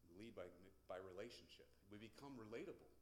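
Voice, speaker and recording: A man's voice: fairly low pitch, fast, echoey room, slight background noise. A man giving a sermon testimony, telling stories and acting out the voices in them. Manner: animated storytelling, acts out quotes.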